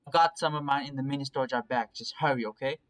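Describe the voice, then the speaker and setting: A man voicing a gruff young male dealer who talks bluntly and crudely, reading a game aloud. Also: mid-range voice, fast talker, lightly acted, low-quality recording. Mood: impatient.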